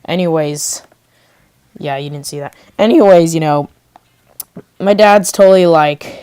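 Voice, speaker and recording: Woman vlogger, casual storytime, rambling, says "like" a lot, slightly low voice. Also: measured pace, mellow, clean tone, no room sound, clean studio sound. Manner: rambling, full of "like" and joke asides.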